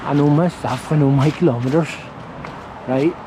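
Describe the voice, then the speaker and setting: A man casually vlogging while he walks around town, halting and searching for his words. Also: on the high side. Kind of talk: casual walking vlog talk. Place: outdoors on town streets. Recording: outdoor street with passing traffic.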